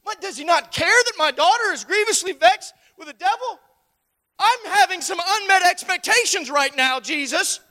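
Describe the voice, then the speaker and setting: A preacher acting out a desperate mother who rushes her words and grows exasperated at being ignored. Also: very high-pitched, lively intonation, sharp tone, in a large hall, pitched above the performer's own voice, heavily acted. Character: desperate mother pleading, then indignant.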